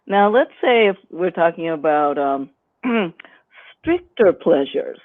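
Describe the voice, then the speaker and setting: A woman's voice: fairly low pitch, sing-song, slow. A woman teaching on a live stream, explaining her points by demonstrating them with her own voice. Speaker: guest instructor. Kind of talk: instructional live-stream chat. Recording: dry, phone-like line.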